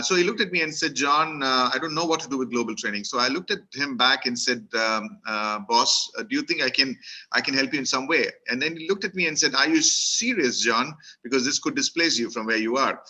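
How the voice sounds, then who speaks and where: In a rough recording, a man from Kerala speaks in a mid-range voice that's bright and forceful. A middle-aged motivational speaker with an Indian English accent, he pokes fun at himself through funny stories, using lots of fillers.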